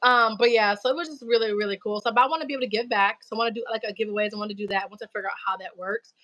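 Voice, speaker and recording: A woman hosting a live stream, chatting casually and telling animated stories full of slang and acted-out quotes. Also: mid-range voice, racing, low-quality recording. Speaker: livestream host. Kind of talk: casual chat.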